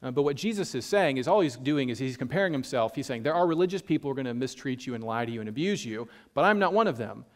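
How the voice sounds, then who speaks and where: A man preaching a sermon, reading scripture slowly and explaining it in a casual, conversational way with frequent fillers. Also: medium pitch, lively intonation. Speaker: pastor.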